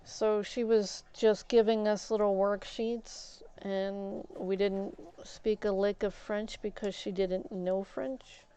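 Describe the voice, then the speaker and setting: A young woman livestreaming, chatting casually and rambling through a school story with many fillers and restarts, getting animated as she goes. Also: medium pitch, slow, few pauses, clear, resonant tone. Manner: grows animated and loud retelling arguments. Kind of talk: casual storytelling chat while gaming. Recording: slightly dull lo-fi stream audio.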